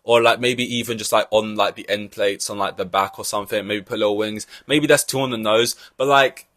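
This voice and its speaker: A man's voice: fairly low pitch, fairly even intonation, a little fast, fairly bright tone, no echo, clean studio sound. A man hosting a podcast, giving blunt, profane opinions in a rambling, casual way. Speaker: podcast host. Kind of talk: casual ranting podcast chat.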